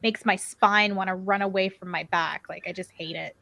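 A woman co-hosting a casual podcast, playful and quick to laugh. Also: mid-range voice, steady tone, creaky, bright, forceful tone, slight background noise. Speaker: podcast co-host.

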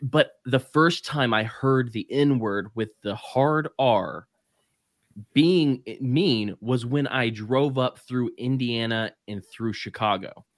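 A man's voice: mid-range voice, takes it slowly, no echo. Podcast guest, male, from Alabama; blunt, profane raconteur, dry studio sound. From Alabama, USA. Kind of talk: casual chat.

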